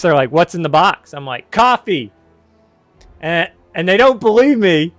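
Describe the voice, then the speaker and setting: A man's voice: high-pitched, fairly bright tone, no echo. A man telling a long story in casual chat while gaming, rambling with asides and self-corrections. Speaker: streamer and host.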